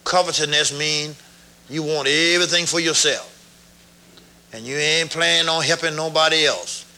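Older preacher guy, real bright voice, kinda high, tells stories and builds up loud. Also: steady tone, normal speed. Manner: folksy storytelling, swells loud on key words. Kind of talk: sermon.

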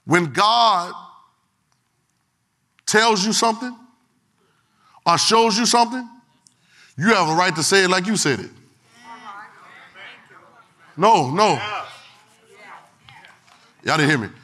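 Bright, high-voiced preacher man. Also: animated, slow pace, pauses often. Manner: call-and-response with the congregation, swings from quiet to shouting. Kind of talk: sermon. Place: church service.

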